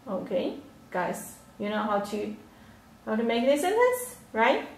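A woman teaching a livestream language lesson, explaining slowly and patiently with many fillers. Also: fairly high pitch, very animated, a little hiss or hum. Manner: slow, patient explaining with frequent yeah and fillers. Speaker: Chinese teacher. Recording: roomy echo, a little off mic.

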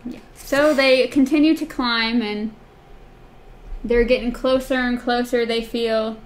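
A woman's voice: fairly even intonation, measured pace. Chatty woman podcast co-host. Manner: chatty, reads quotes in a soft low voice. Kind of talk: casual book discussion, reading passages aloud.

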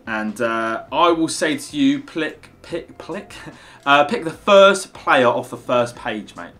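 A man's voice: medium pitch, lively intonation, measured pace, sharp tone, faint music behind. A young man hosting a gaming video, chatty and upbeat, often calling his co-host "mate". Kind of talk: casual gaming video commentary.

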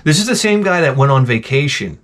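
A man's voice: medium pitch, big pitch swings, a little fast, fairly bright tone, slight background noise. Profane middle-aged man ranting. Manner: profane, blunt, wisecracking. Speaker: retro game channel host. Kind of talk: rambling comedic rant.

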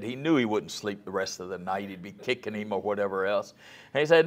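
Speaking a little fast in a lowish voice, a man delivers a folksy guest lecture on scripture, putting questions to the audience. Now and then he sinks into a soft, almost whispered voice to stress a point.

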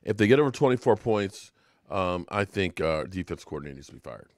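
Brief: a lively male sports host with a swinging pitch and a dry, close sound. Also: fairly quick, no echo. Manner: animated, repeats words, laughs easily. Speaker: sports talk show host. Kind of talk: casual sports chat. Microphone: desktop USB mic.

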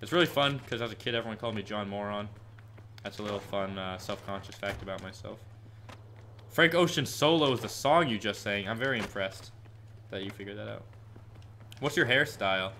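An 18-year-old man live-streaming gameplay and answering chat questions, chatty and prone to excited, frustrated yelps. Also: on the low side, a little fast, a little hiss or hum. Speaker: gaming streamer. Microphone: headset with headphones.

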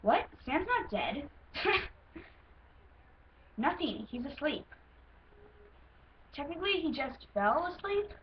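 A woman's voice: high voice, big pitch swings, slow pace, pauses often, pitched above the performer's own voice, exaggerated voice. Girl voicing Jasper, an American stallion. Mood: reassuring. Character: young male stallion horse, calm spell-caster. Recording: lo-fi with faint hiss.

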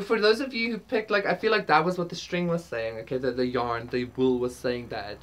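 Low-voiced rambling tarot reader woman. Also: steady tone, fairly quick, few pauses, slight background noise. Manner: rambling, frequent fillers, swears casually, laughs. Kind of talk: casual spiritual reading to camera.

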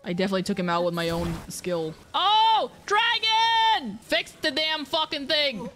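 A young woman streaming a video game, chatting, swearing, laughing and yelling at what happens on screen. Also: medium pitch, sing-song, brisk, faint music behind. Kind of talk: live gameplay commentary.

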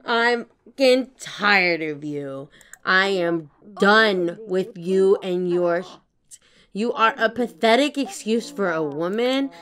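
A woman's voice: mid-range voice, moderate pace, few pauses, fairly bright tone, lightly acted. A woman voicing a young woman character who speaks bluntly and curses, as improvised role-play over a life-sim game. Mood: enraged. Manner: cursing, blunt and cutting. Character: young woman furious at her thieving mother.

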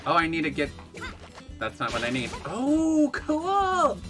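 A man giving excitable live gameplay commentary, gasping and laughing as he reacts to the game. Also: very high voice, slow, over music. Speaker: game streamer.

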